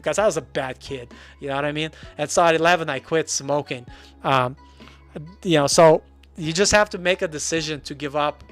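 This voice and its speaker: A man's voice: a little high, a bit bright. A man in his forties, from Russia, hosting a live stream in a casual, rambling, self-deprecating way. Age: 40s. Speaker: livestream host.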